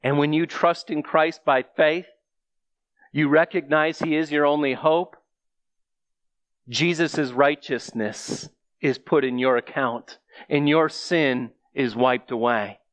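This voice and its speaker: A man's voice: fairly high pitch, fairly even intonation, slow, fairly bright tone, no echo. A man preaching a sermon, speaking earnestly and emphatically straight to his listeners.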